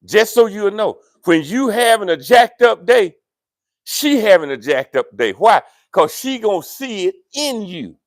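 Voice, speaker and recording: A male pastor, preaching a sermon in a church with animated, playful asides to the congregation. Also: high voice, unhurried, no echo, studio quality. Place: church sanctuary.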